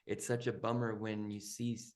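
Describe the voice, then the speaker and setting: A man hosting a conversational interview as a healer, affirming and quick to agree with his guest. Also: fairly low pitch, level tone, darkish tone.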